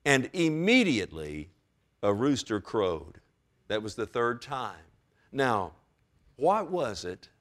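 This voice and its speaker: A man's voice: medium pitch, very animated, takes it slowly, pauses often, fairly bright tone. A man preaching a sermon as pastor, with emphatic rises and direct calls to his congregation.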